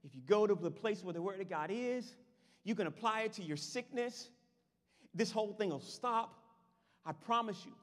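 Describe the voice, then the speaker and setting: A man's voice: high-pitched, expressive, normal speed, fairly bright tone, long reverb tail, voice pushed down. A man voicing a young servant girl earnestly urging her master.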